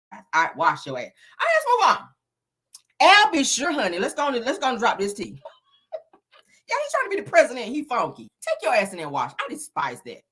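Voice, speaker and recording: A woman's voice: high voice, slightly rough. A woman hosting a casual celebrity gossip show, sassy and profane, laughing often and talking straight to her viewers. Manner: animated, dramatic emphasis.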